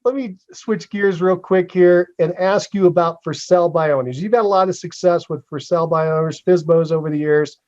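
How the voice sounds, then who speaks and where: A man's voice: fairly high pitch, darkish tone. A man hosting an interview over a call, steering with direct questions. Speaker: interview host. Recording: muffled lo-fi call audio.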